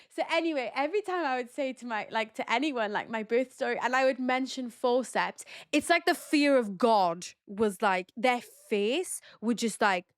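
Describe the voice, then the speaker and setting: A woman who is a mother hosts a podcast, sharing a personal story in a chatty, heartfelt way with lots of fillers. Her voice is fairly high in pitch, and the sound is clean studio audio with no room sound.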